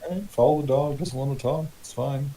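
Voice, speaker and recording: Man, tabletop player, mellow voice, distant mic with faint hiss. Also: medium pitch, fairly even intonation, fairly quick. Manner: describes his character's actions in third person. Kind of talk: playing a tabletop game.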